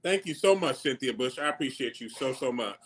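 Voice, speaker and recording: A man, hosting a casual livestream and chatting back to viewer comments in an animated, slangy way. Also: mid-range voice, fairly quick, slight background noise. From New York. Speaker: livestream host.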